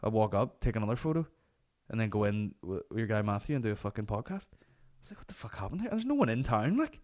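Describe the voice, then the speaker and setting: A man with a fairly low voice hosts a comedy podcast. He tells loose, rambling anecdotes peppered with swearing, in the casual flow of comic storytelling. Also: sing-song, fast, darkish tone. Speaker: podcast host.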